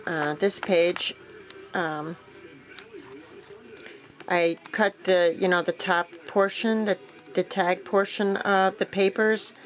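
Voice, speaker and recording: A woman casually walking viewers through a craft project, relaxed and rambling, with frequent fillers and self-corrections. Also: lowish voice, low-quality recording. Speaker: crafting vlogger. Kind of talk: casual show-and-tell walkthrough.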